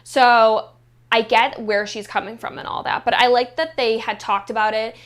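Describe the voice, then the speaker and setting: In a casual reality-show review monologue, a woman vlogger is sassy, profane and mocking, leaning heavily on "like." Her voice is a little high and fairly bright, with a steady tone at normal speed.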